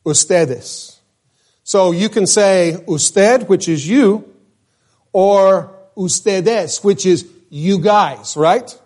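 A male pastor from New Mexico preaches in an unhurried, drawn-out way. His voice sits on the high side for a man. He pauses to put questions to the congregation as he explains his point. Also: a little mellow. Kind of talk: sermon.

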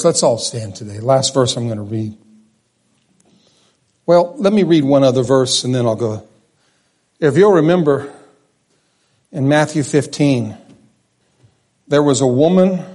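A man preaching a sermon at a church service, swinging between loud declarations and hushed, low phrases.

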